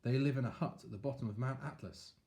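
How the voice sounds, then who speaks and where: A man voicing a calm old wise man giving advice in a storybook. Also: medium pitch, fast, gravelly, close to an everyday voice. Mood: advising.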